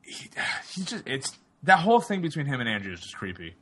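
Bright-voiced man recapping animatedly. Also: a little high, fairly quick, slightly rough. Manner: animated, incredulous, quotes characters mockingly. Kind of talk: casual discussion of a TV episode.

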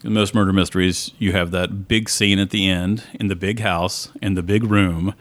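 A man's voice: low-pitched, fairly even intonation, moderate pace, dry recording. A man co-hosting a casual movie review chat, rambling and correcting himself as he goes. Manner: rambling, self-correcting, enthusiastic. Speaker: podcast co-host.

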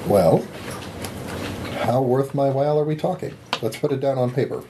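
A man's voice: medium pitch, moderate pace, noisy background, natural voice. A man voicing a hired tracker who talks business in a dry, matter-of-fact way. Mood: businesslike.

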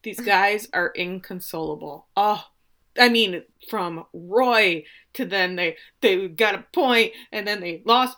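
A woman co-hosting a casual chat, retelling scenes in an emotional, animated way and swearing freely. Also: mid-range voice, slow pace. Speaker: podcast co-host.

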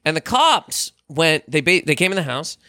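A male comedian, a guest on a podcast, telling animated stories full of swearing and acted-out quotes. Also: fairly high pitch, moderate pace, no room sound. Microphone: podcast microphone.

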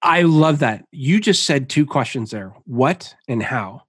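Man, podcast host, enthusiastic, mid-pitched, dry close sound. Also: expressive, unhurried, a bit bright, breathy edge, dry recording. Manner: enthusiastic, laughs easily, stumbling restarts. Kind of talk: casual interview talk.

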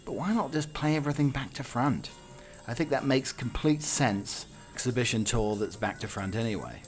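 A British man chats his way through the day's odd stories, wry and loose, leaning on fillers as he goes. His voice sits at an ordinary pitch for a man, with faint music under it. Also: moderate pace. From United Kingdom. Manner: chatty, wry, with many fillers. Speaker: host. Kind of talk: casual chat.

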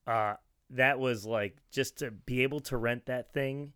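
Middle-aged male storyteller, smooth resonant voice, dry close sound, rambling and chatty. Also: mid-range voice, unhurried, fairly bright tone, no room sound. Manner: rambling anecdotal storytelling with frequent restarts and laughs. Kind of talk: casual chat.

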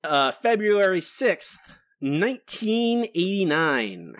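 Brief: male podcast co-host, lively pitch swings, dry close mic, jokey, self-deprecating. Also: slow pace, no echo. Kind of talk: casual chat.

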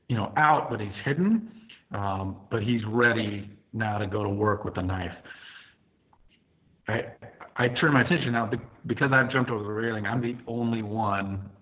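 A firefighter guest telling his story vividly, step by step, with many fillers. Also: lowish voice. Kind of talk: first-person storytelling. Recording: tinny phone-like line.

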